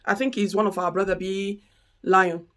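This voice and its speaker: A woman's voice: medium pitch, steady tone, moderate pace, a bit bright. A woman giving an impassioned commentary rant, firing off repeated rhetorical questions. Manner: indignant, repetitive rhetorical questions. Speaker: commentary vlogger.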